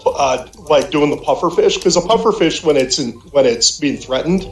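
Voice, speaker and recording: Man in his fifties, from Minnesota, animated swearing storyteller, fairly high voice, echoey call audio, faint music behind. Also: normal speed. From Minnesota, USA. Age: 50s. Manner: animated, profane storyteller who acts out quotes. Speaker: guest, a friend's dad on a call.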